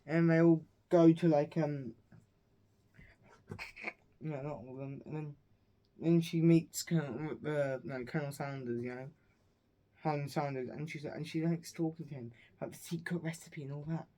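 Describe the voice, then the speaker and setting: A man's voice: a little high, fairly even intonation, normal speed, pauses often, dark tone. A man casually recapping a film's plot in a rambling, meandering way, often correcting himself. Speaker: movie reviewer.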